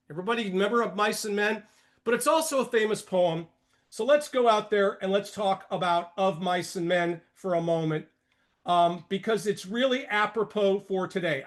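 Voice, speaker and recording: An older man hosting a trading room, giving a blunt, animated market commentary monologue in a lecturing tone. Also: high-pitched, normal speed.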